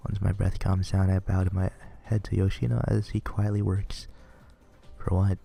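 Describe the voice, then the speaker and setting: A man's voice: low voice, flat delivery, normal speed, vocal fry, dark tone, husky, faint music behind. A man reading a visual novel aloud in an earnest, plain manner, with small stumbles. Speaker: reader playing a visual novel.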